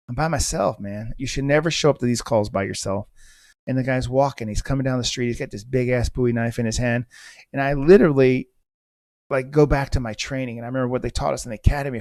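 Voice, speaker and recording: A man hosting a podcast, a former police officer telling a story in an intense, animated way and cursing casually. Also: medium pitch, no echo, studio quality.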